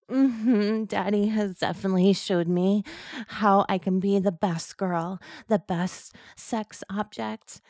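A woman's voice: medium pitch, dark tone, no room sound, studio quality. A young woman performing adult audio role-play in a pleading, submissive manner, with frequent sighs and murmurs.

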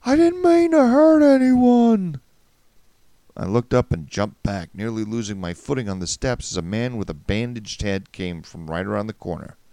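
A man narrating a first-person story in a wry, measured way. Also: on the low side, gravelly, darkish tone, smooth, no room sound.

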